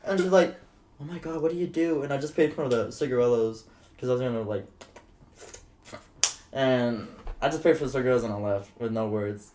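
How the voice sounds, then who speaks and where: A man's voice: mid-range voice, brisk, pauses often, roomy sound, background noise. A man telling a wild story on a casual podcast, swearing often and acting out the quotes. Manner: animated, swearing, acts out quotes. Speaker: podcast guest.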